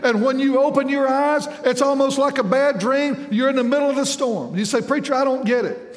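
A preacher with a drawl and a strikingly high voice delivers a folksy sermon. He asks his listeners questions and stumbles over repeated words as he goes. His voice rings through a large hall with a long, echoing reverb.

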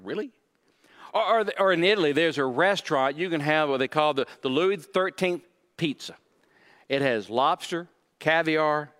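Higher-voiced male pastor preaching in a hall. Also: a bit bright. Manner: conversational preaching with repeated emphatic phrases. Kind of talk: sermon.

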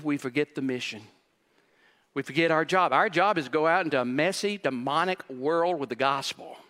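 High-voiced emphatic preacher in a hall. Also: male voice, a bit bright. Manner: emphatic, repetitive rhetorical questions. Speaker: pastor. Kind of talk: sermon.

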